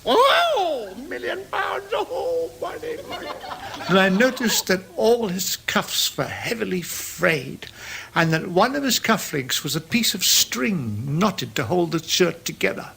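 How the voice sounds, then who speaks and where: Older man, wry storyteller, gravelly, somewhat high. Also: sing-song, measured pace, sharp tone. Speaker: interviewee. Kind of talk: reminiscing anecdote.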